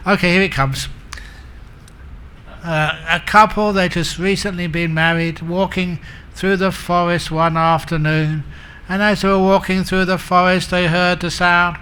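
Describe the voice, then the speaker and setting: A man's voice: high-pitched, fairly even intonation, a little slow, sharp tone, clear, resonant tone. A man giving a humorous Buddhist dharma talk as a monk teacher, telling stories and acting out the characters. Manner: humorous, self-mocking.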